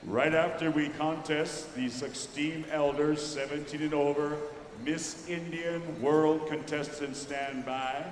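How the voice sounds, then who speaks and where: A man working as pow wow announcer, briskly giving instructions to drum groups and judges over a microphone in a large indoor arena. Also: fairly high pitch, fairly even intonation. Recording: echoey arena PA from far off.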